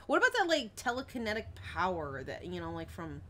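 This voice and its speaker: A woman's voice: fairly low pitch, huge pitch swings, fairly quick, fairly bright tone, a little hiss or hum. A young woman streaming a horror game, chatting with viewers and yelping at the scares. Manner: jumpy, chatty, talks to viewers and yelps at scares. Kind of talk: live gameplay commentary.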